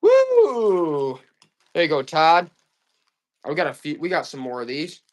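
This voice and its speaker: A man running a live online sale, talking straight to his viewers in a loose, repetitive pitch. His voice sits a little high for a man, and he keeps the patter rolling with quick asides and hype. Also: a bit bright. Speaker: live auction seller. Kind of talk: live-stream sales pitch.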